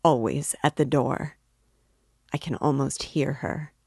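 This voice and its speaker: A sly middle-aged landowner, read by a woman rambles in a confiding, oddly offhand way. The voice sits low and moves slowly. The sound is dry and close. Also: fairly even intonation, creaky, dark tone, husky, dry recording, heavily acted. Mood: musing. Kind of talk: reading a novel aloud.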